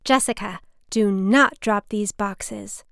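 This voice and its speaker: A woman's voice: medium pitch, slow, gravelly, fairly bright tone, smooth, no room sound, clean studio sound. A woman putting on the voice of her bossy, theatrical older mother who curses freely. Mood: gruff. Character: blunt, dramatic older mother leaving town.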